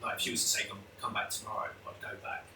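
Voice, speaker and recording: A man's voice: fast talker, pushed and bright, a little hiss or hum. A man talking openly and emotionally as a guest, with many restarts. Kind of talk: candid conversational interview. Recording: echoey room, mic at a distance.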